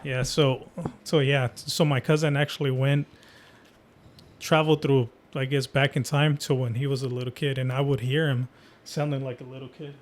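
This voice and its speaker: A man's voice: mid-range voice, flat delivery, moderate pace, slight background noise. Easygoing man hosting a casual podcast. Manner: easygoing, lots of short acknowledgements. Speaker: podcast host.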